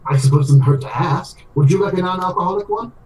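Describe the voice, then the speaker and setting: A man's voice: sits high, fast talker, a little mellow, a little hiss or hum, voice pushed up, lightly acted. A man voicing a polite, flustered adult male adventurer who talks formally and keeps insisting everything is fine. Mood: hospitable. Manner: formal and fussy, repeats reassurances. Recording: roomy echo, mic at a distance.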